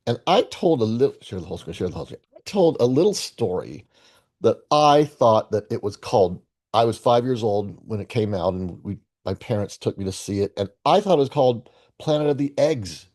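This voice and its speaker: Man, 60s, solo host. Mellow tone, lively pitch, playful self-talk. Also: a little fast. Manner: playful, rambling, talks to himself. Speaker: game-playing video host. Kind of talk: casual solo commentary.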